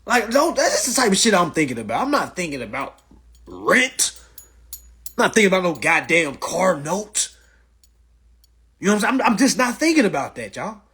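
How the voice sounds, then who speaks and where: A man holds forth on a phone livestream, loose and profane. His voice sits high and swings widely in pitch, with a husky edge. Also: moderate pace, pauses often. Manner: animated, profane, mimics others' voices. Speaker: livestream host. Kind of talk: casual livestream rant.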